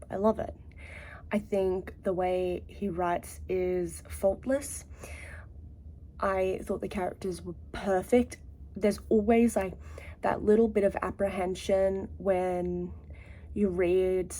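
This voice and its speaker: Woman vlogger, warm low-key tone, casual and gushing, loose with fillers. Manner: chatty and enthusiastic, many "like" fillers. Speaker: book vlogger. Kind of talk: casual vlog chat.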